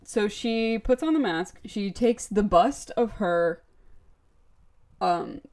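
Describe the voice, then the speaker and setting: A woman's voice: mid-range voice, animated, slow, a little mellow. A woman recapping a book in casual podcast chat. She acts out the characters' quotes and peppers her talk with "like". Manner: chatty, lots of "like" and acted-out quotes. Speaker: podcast co-host.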